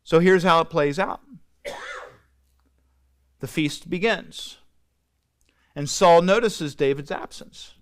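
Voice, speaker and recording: A man teaching a midweek Bible study, his voice smooth and clear and sitting a little high for a man. He retells scripture casually and conversationally, slipping into the characters' lines as he goes. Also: takes it slowly, pauses often. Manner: conversational storytelling with acted-out dialogue. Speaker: pastor.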